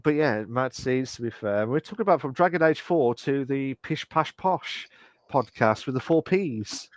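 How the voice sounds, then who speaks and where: A man's voice: medium pitch, lively intonation, normal speed, no room sound. A man co-hosting a casual gaming podcast, reading out chat messages and talking with hesitant fillers. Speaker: podcast co-host.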